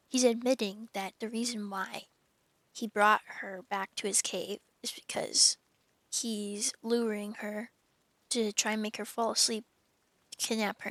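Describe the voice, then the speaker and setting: A woman's voice: fairly high pitch, gravelly, fairly bright tone, no room sound. A woman streamer reading a novel aloud, breaking off for casual, self-deprecating chat. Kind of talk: reading a book aloud on a livestream.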